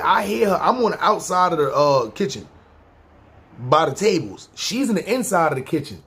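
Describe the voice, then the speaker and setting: A man's voice: a little high, big pitch swings, moderate pace, a bit bright, slightly rough. A man with a New York accent telling a personal story on a podcast in a laid-back, profane way, acting out what others said and repeating his catchphrases. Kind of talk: casual spoken storytelling.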